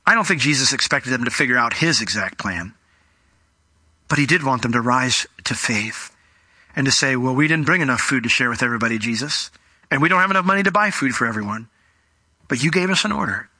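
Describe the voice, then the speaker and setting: A male pastor preaching an expository sermon in an animated, conversational way, often acting out quotes. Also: mid-range voice, fairly quick, no room sound.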